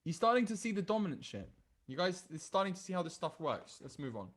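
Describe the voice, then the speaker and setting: A man's voice: sits high, very animated, quick pace. A British man giving a recorded dating-coaching lesson, emphatic and repetitive as he hammers each point home. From Britain. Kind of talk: recorded coaching lesson reviewing chat messages.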